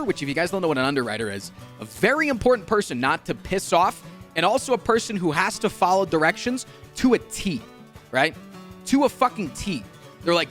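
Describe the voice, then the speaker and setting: Guy ranting a storytime, voice jumps all over, bright tone, faint music behind. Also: fairly high pitch, very animated, a little fast. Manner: exasperated, swearing, mocking voices. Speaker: streamer telling a story. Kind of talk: animated storytime rant.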